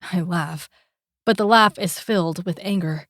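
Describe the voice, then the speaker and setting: Brief: female audiobook narrator, first-person romance, slow and intimate, dry close studio mic. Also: on the low side, fairly bright tone, dry recording. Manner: slow, deliberate, intimate reading.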